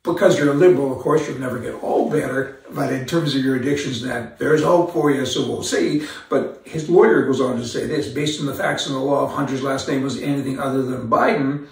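A man's voice: medium pitch, steady tone, fairly quick, creaky, hardly any pauses. A man hosting an opinionated commentary monologue, rambling and sarcastic, with asides and repeated words. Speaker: commentary host. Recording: very echoey room, voice from a distance.

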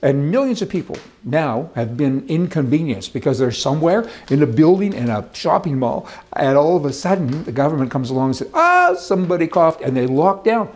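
A man delivers opinionated political commentary with a raised, higher-pitched voice. He rants emphatically, piling phrase on phrase and rambling off course. He talks indoors beside a fireplace. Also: expressive, a little fast, hardly any pauses, warm tone.

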